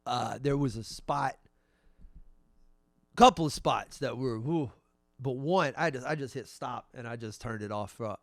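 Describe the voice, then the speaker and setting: A man's voice: medium pitch, no room sound. A middle-aged man and comedian hosting his own podcast, musing in a wry, conversational monologue. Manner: wry, conversational, trailing off and restarting.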